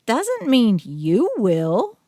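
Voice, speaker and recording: A woman's voice: fairly high pitch, huge pitch swings, drawn-out words, dark tone, no echo, clean studio sound, voice pushed up, heavily acted. A woman voicing a blunt, sarcastic friend in a storybook reading. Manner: sarcastic, teasing.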